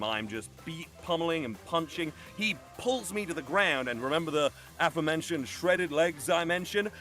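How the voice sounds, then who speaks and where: Swearing Birmingham man telling a story. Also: fairly high pitch. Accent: Birmingham English. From England. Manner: swears a lot, animated, acts out the people in his story. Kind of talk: animated storytelling on a live stream. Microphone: video call or streaming mic.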